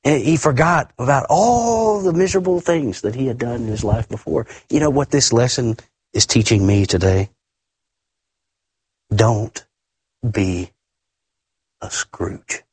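A man preaching a sermon emphatically, often repeating words and swinging his pitch up and down. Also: lively intonation, a little slow, darkish tone, husky, no echo.

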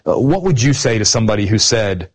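A man's voice: on the low side, big pitch swings, fast talker. A man hosting a casual discussion of scripture, retelling past exchanges in a conversational way. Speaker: podcast host.

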